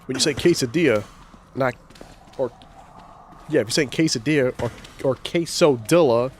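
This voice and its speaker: A man's voice: medium pitch, normal speed, a little hiss or hum. A young man chatting casually on a gaming livestream, telling stories with lots of swearing and jokes. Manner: profane, joking storyteller. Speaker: gaming streamer.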